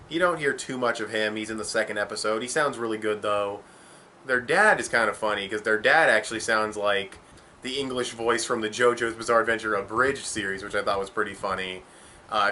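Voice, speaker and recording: A man's voice: fairly low pitch, sharp tone, slight background noise. A young man giving a casual, rambling and opinionated spoken review, swearing offhandedly. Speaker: anime reviewer.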